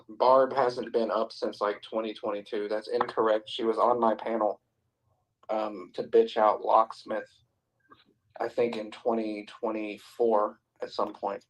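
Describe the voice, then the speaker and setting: A man's voice: fairly low pitch, level tone, normal speed, poor audio. A man hosting a live-stream panel who chats in a laid-back way and swears casually. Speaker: host.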